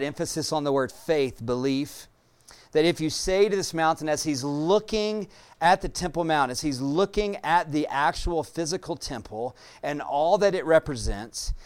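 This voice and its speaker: Guy preaching a sermon, smooth resonant voice, earnest, lots of uh and um. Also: fairly high pitch, a little mellow. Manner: earnest preaching with many fillers. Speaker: pastor.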